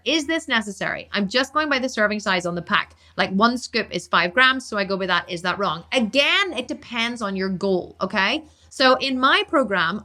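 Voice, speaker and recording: A woman fitness coach answering viewer questions on a live stream, talking fast, blunt and emphatic. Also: mid-range voice, bright, forceful tone.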